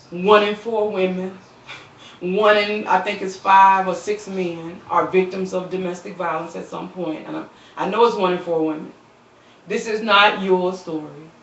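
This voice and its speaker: A woman's voice: fairly low pitch, a little hiss or hum. Woman, fervent preaching-style appeal, repetitive, roomy echo, distant dull phone audio. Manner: impassioned, swells into shouting then drops soft; quotes scripture, repeats phrases. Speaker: live-stream speaker.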